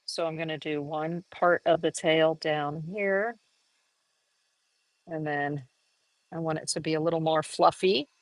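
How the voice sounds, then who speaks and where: A woman giving a casual live painting lesson, chatty and upbeat, laughing often and jumping into high exclamations. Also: steady tone, a little slow, pauses often, dry recording, low-quality recording. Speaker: art teacher.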